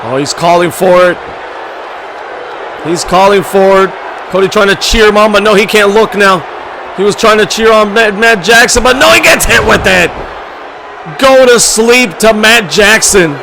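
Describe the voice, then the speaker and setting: A man doing excited play-by-play commentary over a wrestling video game, shouting his calls with game music and crowd noise behind him. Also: sits high, normal speed, creaky. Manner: hyped, loud, shouting calls.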